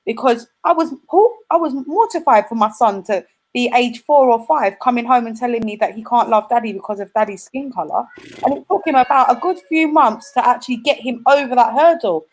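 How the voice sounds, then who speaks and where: A woman's voice: a little high, a little fast, rough recording. A young woman, telling an earnest personal story in a casual discussion, correcting herself as she goes. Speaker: panel guest.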